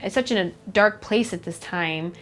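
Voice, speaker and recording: A young woman from Chicago telling her personal story in a documentary interview, candid and reflective, halting often with fillers. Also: mid-range voice. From Chicago, USA. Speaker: MMA fighter. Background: faint background music.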